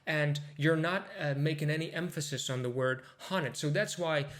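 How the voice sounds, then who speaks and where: A man giving a casual pronunciation lesson, demonstrating words slowly and with emphasis. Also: on the high side, fairly bright tone. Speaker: pronunciation teacher.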